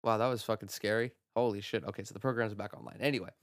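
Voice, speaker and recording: A young man hosting a solo sports podcast from home, talking in an excitable, profane rant and laughing at his own jokes. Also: fairly low pitch, very fast, no room sound, studio quality. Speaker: podcast host. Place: home room.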